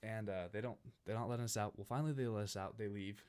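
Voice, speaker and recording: A young man from California telling a casual storytime over gameplay, rambling and animated, with many restarts. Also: fairly low pitch, fast. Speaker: gaming channel host.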